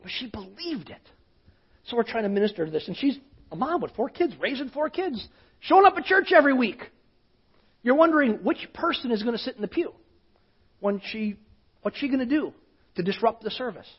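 A male pastor preaching in a conversational storytelling way, often dropping to a hushed voice. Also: extremely high pitch, lively intonation, fairly quick, long pauses, husky. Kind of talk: sermon storytelling. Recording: dull lo-fi sound.

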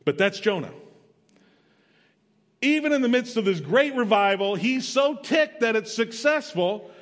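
A missionary preacher with a very high voice and lively intonation delivers a sermon unhurriedly. He retells a story plainly and conversationally, adding emphatic asides. A large hall gives the recording a long reverb.

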